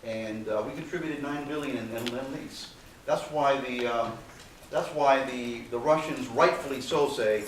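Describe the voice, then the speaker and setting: A man lectures to a class in a loose, conversational way, filling pauses with "okay" and "uh" and dropping the occasional dry, sarcastic aside. He sits at an ordinary middle pitch. He was recorded from across a very reverberant hall, with a faint hiss underneath. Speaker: university lecturer. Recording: very echoey hall, far from mic, faint hiss.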